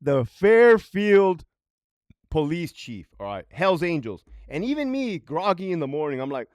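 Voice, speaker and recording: A man telling a story in a casual, profane way. He is blunt, swears heavily, chuckles between points, and swings between loud outbursts and low mutters. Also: very animated, unhurried, no echo, clean studio sound. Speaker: vlogger, prison guard commentator.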